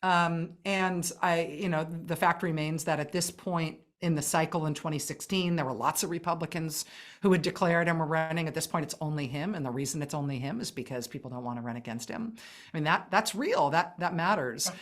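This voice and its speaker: A woman with a fairly low voice talks politics in a relaxed interview. She is wry and animated, laughing through asides and restarting sentences as she thinks. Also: a little fast. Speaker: guest. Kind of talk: casual political conversation.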